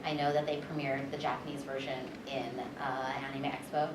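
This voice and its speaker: A woman's voice: extremely low pitch, flat delivery, a little fast, background noise. A woman voice actress telling stories at a convention interview, talking in a chatty, filler-heavy way and animatedly retelling what happened. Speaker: voice actress and director. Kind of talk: convention panel interview, storytelling. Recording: echoey room, distant mic, background chatter.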